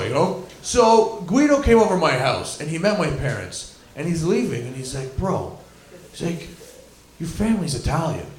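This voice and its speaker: A man's voice: fairly high pitch, echoey room. A young man from Scarborough doing a stand-up comedy set, rambling and swearing through his stories with lots of fillers. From Scarborough, Toronto. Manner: rambling, profane, filler-heavy storytelling. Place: comedy club venue.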